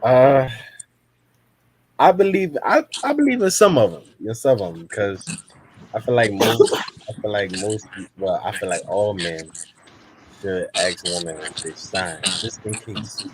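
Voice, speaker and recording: Guest: man, slow and hesitant, pitch rising and falling, faint hiss behind. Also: animated, poor audio. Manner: hesitant, repeats himself. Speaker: guest cast member. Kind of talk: casual chat.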